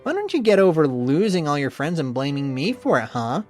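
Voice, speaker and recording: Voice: medium pitch, big pitch swings, brisk, a little mellow, faint music behind, close to an everyday voice. A reader voicing a bitter, resentful young male rival in a visual novel playthrough. The rival sneers and swears often.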